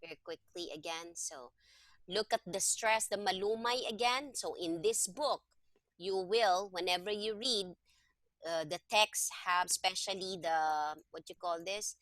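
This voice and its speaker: A woman's voice: lowish voice, unhurried, fairly bright tone, no room sound. A woman teaching a Tagalog lesson one-on-one, explaining patiently and step by step. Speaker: Tagalog tutor.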